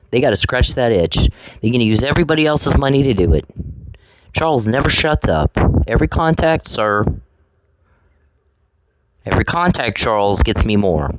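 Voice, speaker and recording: Man ranting with a lively, swinging pitch. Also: low-quality recording. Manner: angry, profane, addresses named people directly; repetitive, accusatory. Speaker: vlogger. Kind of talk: confrontational monologue.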